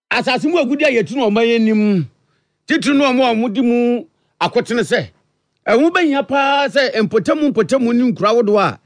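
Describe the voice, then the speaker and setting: High-voiced Ghanaian newsman. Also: no room sound. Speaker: radio news anchor. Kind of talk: news reading.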